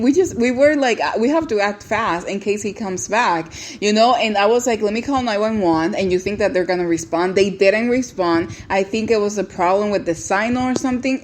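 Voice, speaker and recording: Tearful woman podcast host. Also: medium pitch. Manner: earnest, tearful, repeats words and restarts often. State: close to tears. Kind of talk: emotional personal testimony and encouragement.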